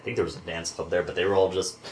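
A man's voice: low-pitched, little pitch movement, quick pace, echoey room, noisy background. A man in casual panel chat, easygoing and trailing off with small restarts. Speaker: panel member.

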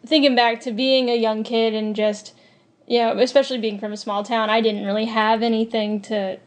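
Young woman, higher voice, upbeat storyteller, casual guest. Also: moderate pace. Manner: bubbly, animated storytelling with laughs. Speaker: cosplayer guest. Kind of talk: casual interview chat.

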